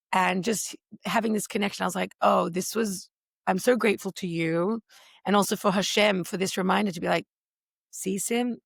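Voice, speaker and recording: Brief: middle-aged woman, interview guest, animated storyteller, slight fry. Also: mid-range voice, no room sound, clean studio sound. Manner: expressive, animated storyteller with voices. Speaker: podcast guest. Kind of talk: interview conversation.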